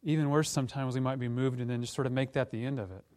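A man's voice: medium pitch, fairly even intonation, rapid-fire, darkish tone. A man preaching a conversational Advent-season sermon as pastor, acting out quoted lines from the scripture story. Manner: conversational, plays out quoted voices of disciples and angels.

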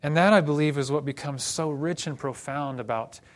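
A man's voice: a little high, normal speed. A man from Oklahoma preaching a sermon in a conversational, teaching way with joking asides.

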